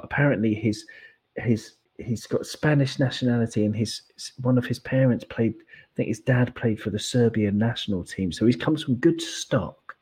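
A man's voice: mid-range voice, mellow, breathy edge. A man hosting a casual podcast, explaining pronunciation step by step in a teacherly way. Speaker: podcast host.

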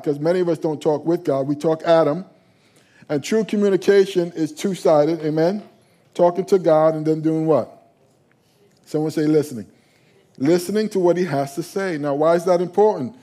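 A male pastor preaches a sermon with call-and-response to the congregation, often stumbling and restarting his phrases. His voice is high and a little mellow.

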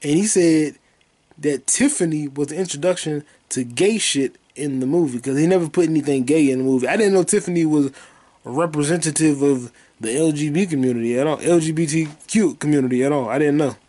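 A man hosting a podcast alone, telling crude, rambling stories and bursting into loud high yelps and sound effects. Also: fairly quick. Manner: profane, rambling storytelling. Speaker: podcast host. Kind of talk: casual solo podcast monologue.

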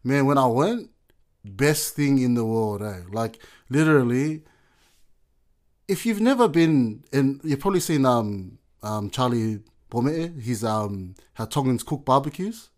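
In an unhurried, medium-pitched voice, a male podcast co-host tells stories during a casual chat. His delivery is animated and full of playful exaggeration.

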